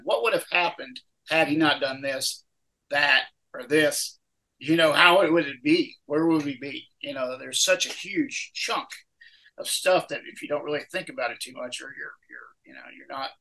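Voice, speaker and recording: Bright-voiced male host, rambling. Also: on the high side, poor audio. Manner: rambling, searching for words. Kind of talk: interview questions.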